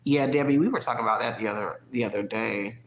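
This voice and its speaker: Southern US accent, casual live-stream chat, mid-pitched voice, laughs a lot, pitch jumps up, echoey room. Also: fast, muffled recording. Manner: chatty, laughs often, swoops up in pitch. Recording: roomy echo.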